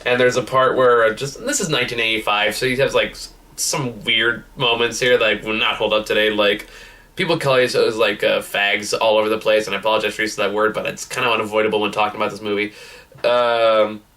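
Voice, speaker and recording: A man's voice: fairly low pitch, steady tone, a little fast, pushed and bright, far from the mic. A man giving a casual, rambling movie review, swearing freely and laughing as he retells scenes. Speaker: film reviewer.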